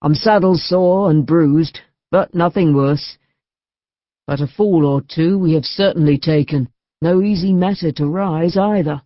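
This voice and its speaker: A woman reading the voice of a weary, wry male knight home from battle, gruff and grim in manner. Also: low-pitched, measured pace, no room sound. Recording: dull dry studio recording.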